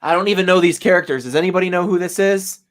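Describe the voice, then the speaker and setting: Excitable man with a higher voice, live-streaming. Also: rapid-fire. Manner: excitable, chatty, laughs often, talks straight to viewers. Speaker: online reseller hosting a live stream. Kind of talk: casual live-stream chat. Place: home office.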